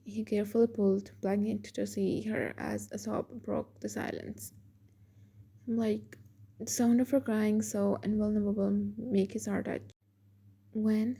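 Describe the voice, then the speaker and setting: A woman narrating a fan fiction romance story in a steady scripted read. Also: mid-range voice, gravelly, husky.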